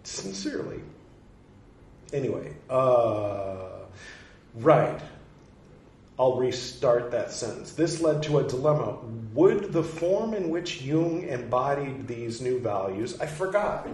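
A man's voice: mid-range voice, expressive, takes it slowly, darkish tone. A man casually commenting on a reading, rambling and facetious, with frequent asides. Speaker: podcast host reading and commenting. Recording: roomy echo, faint background noise.

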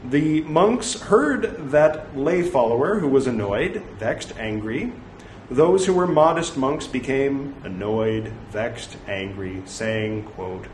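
A man's voice: medium pitch, animated, takes it slowly, darkish tone, slight background noise. A man reading scripture aloud in translation, breaking off for wry, joking asides. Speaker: reader of scripture. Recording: roomy echo, faint ambience.

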